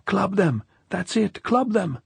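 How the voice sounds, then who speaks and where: A man voicing a belligerent drunken townsman who shouts in hoarse bursts, in an audiobook reading. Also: medium pitch, steady tone, normal speed, no echo. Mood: frenzied shouting. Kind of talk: audiobook character voice.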